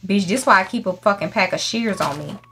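A woman's voice: medium pitch, a little fast, creaky, pushed and bright, a little hiss or hum. A young woman giving casual gameplay commentary, brash and profane, scolding the animals in her game. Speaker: gaming YouTuber.

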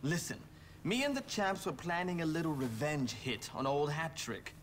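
An actor playing a snobbish, affected rich preppy schoolboy in video game dialogue, with a haughty put-on English drawl. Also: male voice, a little high, big pitch swings, moderate pace, a bit bright, slight background noise. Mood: smug.

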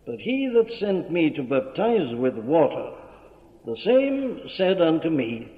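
An older preacher delivers a measured, emphatic sermon, leaning hard on key words. His voice rings through a large reverberant church. The archive recording is thin and tinny, like a phone line. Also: mid-range voice. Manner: measured, emphatic, formal preaching with archaic scripture reading. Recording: echoey hall on a tinny old archive recording.

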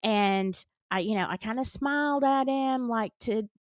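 A woman's voice: fairly high pitch, unhurried, dry recording. Earnest Southern woman telling a story. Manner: earnest, dramatic retelling with nervous laughs. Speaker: storytime vlogger. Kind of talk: casual personal storytelling.

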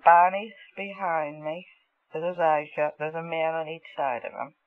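A woman recalls events under hypnosis on a thin, phone-like old tape recording. She speaks haltingly and repeats words as she relives each moment. The sound is dry and close, with no room around her. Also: deep voice, steady tone, no echo. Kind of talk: recounting a memory under hypnosis.

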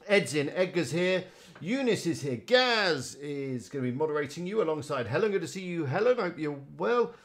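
A man's voice: fairly high pitch, very animated, moderate pace. A man chatting casually on a live stream, rambling and greeting viewers by name. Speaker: live-streaming website builder.

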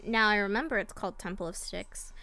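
A woman's voice: mid-range voice, a little fast, sharp tone. A woman hosting a let's play, chatting playfully with viewers and swearing freely as she plays. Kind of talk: casual gameplay commentary.

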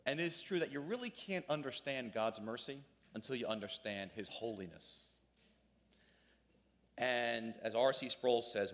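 Storytelling male pastor mid-sermon. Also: medium pitch. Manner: storytelling, conversational with sudden loud emphasis.

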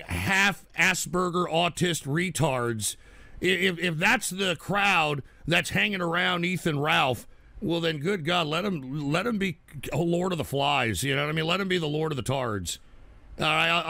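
A middle-aged man hosting a live show, ranting profanely and shouting at his chatters. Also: on the high side, creaky, no echo. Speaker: livestream host.

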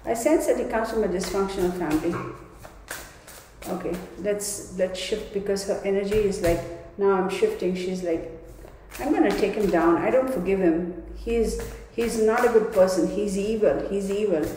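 A woman's voice: mid-range voice, normal speed, mellow, a little hiss or hum. A woman giving a tarot reading to her viewers in a rambling, emphatic casual monologue. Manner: rambling, emphatic, with many restarts. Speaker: tarot reader. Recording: echoey room with long reverb.

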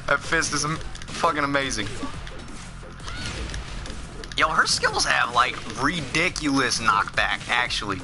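Excitable young man streaming a game. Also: medium pitch, slow pace, long pauses, over music. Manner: excitable, swears a lot, laughs often. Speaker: gaming streamer. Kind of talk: casual gameplay commentary.

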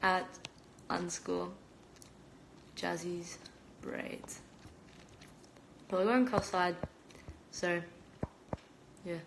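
A woman's voice: lowish voice, fairly even intonation, extremely slow, gravelly, long pauses, noisy background. A young Australian woman chatting casually into her phone from her kitchen, rambling and giggly, with lots of "like". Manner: rambling, giggly, heavy use of "like". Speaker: fighter streaming live. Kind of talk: casual live-stream chat. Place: home kitchen. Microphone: phone camera. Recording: roomy kitchen echo.

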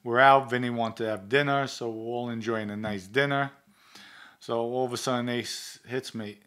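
A man's voice: mid-range voice, normal speed, fairly bright tone. A middle-aged man telling stories in a blunt, profane way, acting out both sides of old conversations. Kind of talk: casual storytelling.

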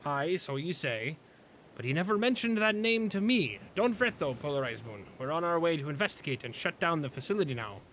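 Guy doing a growly old-sea-dog pirate captain for a game, low and rough, swings around a lot. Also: sing-song, brisk, a bit bright, a little hiss or hum. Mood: gruff. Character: gruff male pirate captain, salty and stern.

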